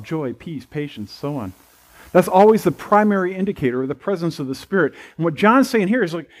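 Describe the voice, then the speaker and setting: A man preaching a sermon in a church in a conversational, storytelling manner with light humor. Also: high voice. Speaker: pastor. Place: church sanctuary.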